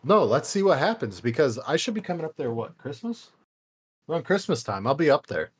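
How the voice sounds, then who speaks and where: A man's voice: fairly high pitch, sing-song, a little fast, breathy edge. A young man co-hosting a podcast, telling a story in a loose, rambling way with casual swearing. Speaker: podcast co-host.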